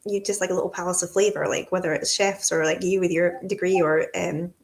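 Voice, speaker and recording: A woman's voice: lowish voice, steady tone, brisk, gravelly. A woman host asking questions in a loose, casual way, full of fillers. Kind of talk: casual chat.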